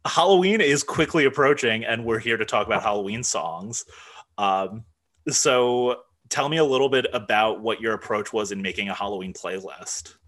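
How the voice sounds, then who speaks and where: A man hosting a casual podcast chat, relaxed and quick to chuckle. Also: on the low side. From Irish heritage. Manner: chuckles often, relaxed and self-deprecating. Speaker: podcast host.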